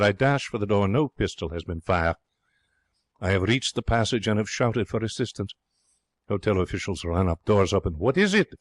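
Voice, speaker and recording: A man reading an audiobook, voicing an excitable, romantic young Frenchman who tells his tale in broken English. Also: deep voice, no echo. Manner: theatrical, broken English phrasing. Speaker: audiobook narrator.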